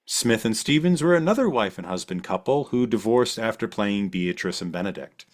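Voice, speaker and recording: Lively low-voiced male podcast host. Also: normal speed. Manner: animated, thinks aloud with restarts, then reads promos. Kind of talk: casual film discussion and show outro.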